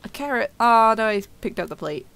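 A woman's voice: a little high, lively intonation, fairly quick, vocal fry, a bit bright, clean tone. A woman streamer chatting casually over gameplay, giggling often and talking to her chat.

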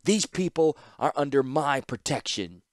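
A man voicing Ashnod, a sly, sardonic woman apprentice, in a mocking, sharp-tongued manner for an audiobook-style fan reading. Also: medium pitch, big pitch swings, brisk, no room sound, studio quality. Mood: defiant.

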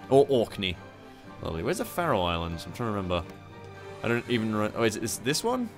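A man's voice: mid-range voice, sing-song, very fast, fairly bright tone, faint music behind. A young man hosting a strategy game playthrough, rambling and swearing with mocking asides. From Australia. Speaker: gaming channel host. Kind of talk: casual strategy game commentary.

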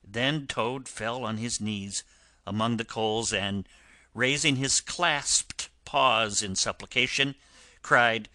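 A man narrating a classic children's story in a measured storytelling manner for an audiobook. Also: lowish voice, sharp tone, dry recording. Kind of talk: scripted narration.

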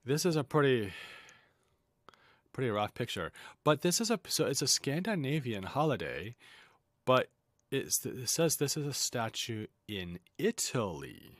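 A man's voice: medium pitch, big pitch swings, unhurried, no room sound. A man hosting a casual lesson, reading aloud and breaking off into chatty, jokey asides. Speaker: host.

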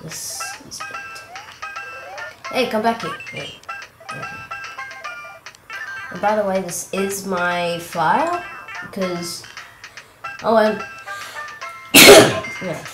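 A woman's voice: mid-range voice, lively intonation, takes it slowly, long pauses. A woman with a cough giving rambling, chatty commentary on a game walkthrough, exclaiming at the action. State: coughing and clearing throat. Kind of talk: casual gameplay commentary. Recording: roomy with game music behind.

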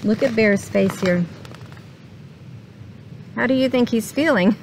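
A woman reading a picture book aloud to children at a slow, expressive pace. She often pauses to put questions to her listeners. Her voice sits in a middle pitch, with a faint hiss behind it.

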